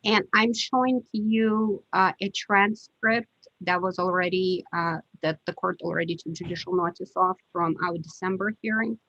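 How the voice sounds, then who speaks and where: A woman attorney questioning a witness in a court hearing over a video call, measured and often pausing with fillers. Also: lowish voice, fairly even intonation, a bit bright, dry recording. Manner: measured, hesitant with frequent fillers. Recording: dull dry video-call audio.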